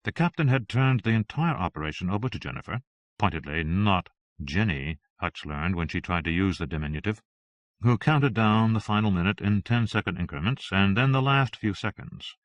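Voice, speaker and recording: A man reads an audiobook aloud in a steady, even-toned way. His voice sits low, and the sound is dry and close, with no room around it. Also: normal speed, no room sound. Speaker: audiobook narrator. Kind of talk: audiobook reading.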